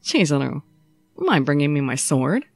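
A woman voicing an ill young male swordsman who talks in a low, subdued, wry drawl. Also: sing-song, moderate pace, a little mellow, dry recording, soft background music, heavily acted. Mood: reflective.

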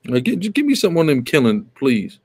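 A man's voice: mid-range voice, huge pitch swings, fast talker, husky. A man hosting live commentary, talking emphatically and repeating himself, often asking "right?". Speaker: show host.

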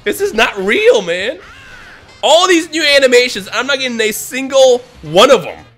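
A man commentating his own mobile game pulls for a video, swinging between low grumbling and shouted, exasperated outbursts. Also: very animated, moderate pace, faint music behind. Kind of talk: gaming vlog commentary.

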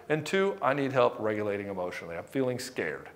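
A man with a middle-pitched voice delivers a motivational coaching talk. He speaks bluntly and emphatically, swearing freely as he hammers his points home. Now and then he slips into acting out what a wife or husband might say. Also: animated, fast talker, few pauses. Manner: acts out quoted dialogue. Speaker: relationship coach.

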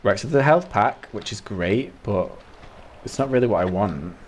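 A British man live-streaming a video game, talking to his chat in a loose, chatty way and laughing often. His voice is middling in pitch but swings up and down a lot. He jumps from greeting viewers to commenting on his own play. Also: expressive, moderate pace, a little hiss or hum. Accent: British English. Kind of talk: casual live-stream chat while playing.

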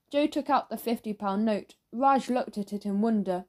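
A woman narrating a children's audiobook in a steady storytelling manner. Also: mid-range voice, moderate pace, hardly any pauses.

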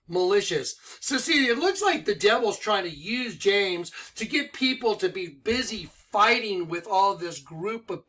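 Hyped up guy preaching, high bright voice, keeps asking yes or no. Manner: excited, rapid rhetorical questions. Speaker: online preacher. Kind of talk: excited preaching commentary.

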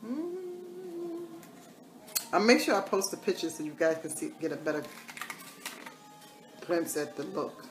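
A woman's voice: sits low, moderate pace, pauses often, echoey room, over music. A woman chatting casually through a live makeup tutorial, repeating catchphrases in a sing-song way. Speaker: makeup vlogger.

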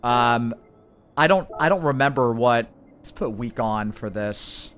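Over soft background music, an American man with a medium-pitched voice talks fast about a racing game he's streaming live. He's excitable and hurried, chatting with viewers as he goes.

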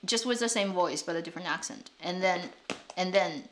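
A woman's voice: lowish voice, brisk. A woman whose first language is Chinese, speaking English with a North American accent, chatting casually to camera as a drama channel host, rambling with restarts and light laughs.

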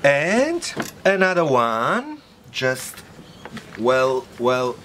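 A man's voice: medium pitch, huge pitch swings, drawn-out words, a bit bright, a little hiss or hum. A man from Italy speaking English, playfully demonstrating a dessert as a cooking show co-host and humming along as he works. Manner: playful, exclaims, hums tunes while cooking.

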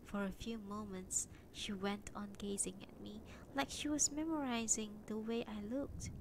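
A woman reading a novel aloud on a livestream, narrating calmly and steadily, at times dropping to a whisper. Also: mid-range voice, measured pace, gravelly, noisy background. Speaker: reader.

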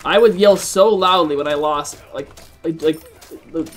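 A man hosting live gameplay commentary, excitable, swearing often and chatting to his viewers. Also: fairly high pitch, unhurried. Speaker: gaming video host.

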